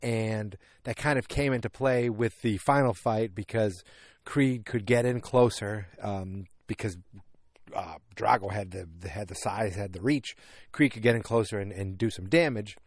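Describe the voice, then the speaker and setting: A man in his early forties recapping a movie in casual podcast chat, animated and rambling, with lots of restarts and sound effects. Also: lowish voice, moderate pace, dry recording, studio quality. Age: 40s. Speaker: podcast host. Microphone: podcast microphone.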